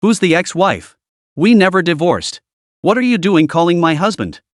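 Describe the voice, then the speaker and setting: A man's voice: sits high, sing-song, moderate pace, dry recording, studio quality. A man voicing a jealous, furious woman who snaps and accuses coldly. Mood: angry, cold. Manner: cold, snapping, accusing.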